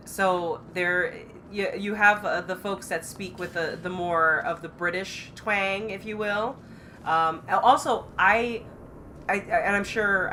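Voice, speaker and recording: A woman co-hosts a game stream in relaxed, casual chat, rambling and restarting her sentences as she goes. Her voice sits fairly low, with a bright, forceful edge. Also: slight background noise. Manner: rambling, self-interrupting. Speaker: stream co-host.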